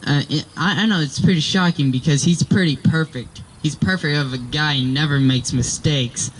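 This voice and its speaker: A man's voice: a little high, moderate pace, slight background noise, rough recording. Exasperated young man ranting. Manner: exasperated, rambling storytelling with fillers. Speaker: vlogger. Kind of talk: casual ranting vlog.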